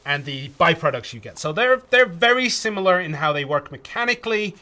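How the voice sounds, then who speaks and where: A man's voice: a little high, sing-song, brisk, bright, forceful tone. A man from England co-hosting a casual livestream game tutorial, chatty with lots of ums and restarts. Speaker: community manager co-hosting a game tutorial stream.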